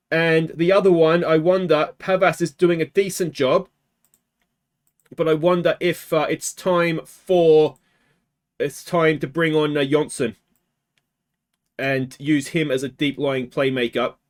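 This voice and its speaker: An Australian man hosting a let's play, talking casually through a game and swinging from quiet muttering to anguished shouts. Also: fairly high pitch, steady tone, a little slow.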